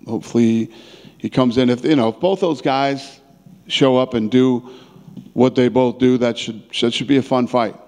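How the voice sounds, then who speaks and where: A man's voice: medium pitch, fairly even intonation, normal speed, a little mellow. A middle-aged man answering press questions in a blunt, casual way, often restarting his words. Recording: long reverb in a big room.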